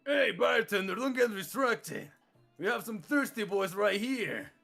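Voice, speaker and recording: A man's voice: sits high, animated, a little slow, creaky, a bit bright, faint music behind, pitched above the performer's own voice, exaggerated voice. A man voicing a pushy male tavern patron who demands drinks from the bartender. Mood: impatient. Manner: brash, demanding.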